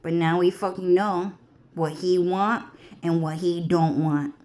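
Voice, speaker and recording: A woman's voice: fairly low pitch, fairly even intonation, a little slow, darkish tone. A woman talking to her viewers in a rambling, profane monologue that keeps circling back on itself. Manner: profane, repetitive, drawling. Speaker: vlogger.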